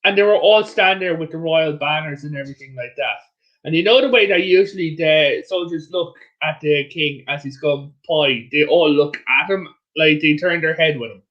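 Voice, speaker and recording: A man with an Irish accent, a guest on a casual history show, telling history stories in an animated, rambling way with many restarts. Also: a little high, moderate pace, dull audio. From Ireland.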